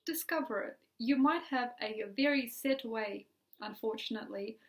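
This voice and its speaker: A woman astrologer giving a forecast in a dreamy, repetitive way, with many pauses and ums. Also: fairly high pitch.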